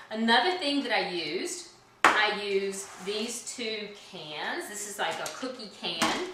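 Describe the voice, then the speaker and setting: Woman music teacher, bright and unhurried, filmed in a very echoey room from far off with background hiss. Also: on the high side. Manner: cheerful and slow, chants rhythm syllables. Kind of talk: children's music lesson. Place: indoor room at home. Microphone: camera some distance away.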